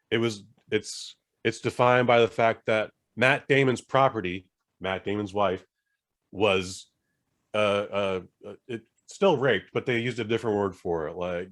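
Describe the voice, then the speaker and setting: Profane casual male podcast co-host. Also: on the low side. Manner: loose, profane, retells scenes doing the characters' voices. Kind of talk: casual movie review chat.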